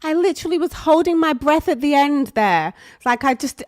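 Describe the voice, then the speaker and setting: A woman vocal coach reacting live on stream, soft-spoken and admiring, thinking aloud with fillers. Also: sits high, very animated, moderate pace, dry recording. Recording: dry close mic with faint music behind.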